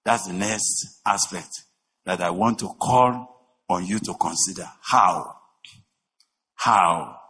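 A man preaching a sermon, emphatic, with rhetorical questions, swinging between shouting and a low voice. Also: slow, long pauses, breathy edge. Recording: long reverb of a large hall.

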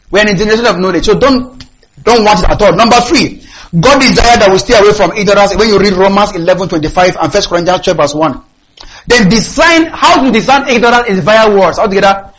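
A man preaching a sermon in a church, emphatic, calling out to the congregation and rising to shouts. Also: high voice, poor audio. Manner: call-and-response with congregation.

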